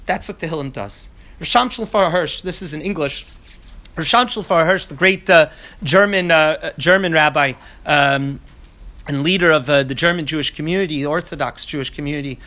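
A man teaching a class on scripture, talking in an animated way with many restarts and asides. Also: a little high, a little fast.

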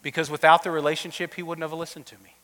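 A man preaches to his congregation in a relaxed, storytelling way, his voice sitting a little high for a man. In the most tender moments he drops to a soft, almost whispered hush. The recording carries the long reverb of a church auditorium. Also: quick pace. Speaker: pastor. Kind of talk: sermon.

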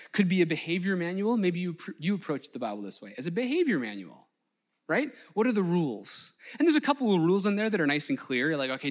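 A man preaching a sermon in a conversational way, acting out the voices of the people he quotes. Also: fairly high pitch. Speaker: pastor.

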